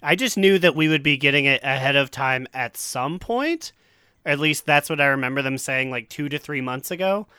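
Smooth, bright man with dry humor. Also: mid-range voice, dry recording. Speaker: podcast co-host. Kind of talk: casual gaming chat.

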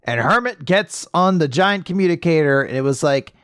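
High-voiced young man joking through a recap. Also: expressive, normal speed, a bit bright, no room sound, clean studio sound. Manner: jokey, acts out quoted lines in silly voices. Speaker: podcast co-host recapping an anime. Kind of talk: casual chat.

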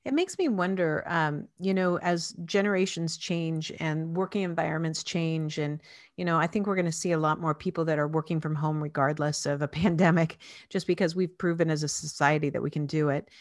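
A woman's voice: low-pitched, brisk, no room sound, clean studio sound. A woman in her fifties hosting a casual conversation, thoughtful and talking with many fillers. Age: 50s.

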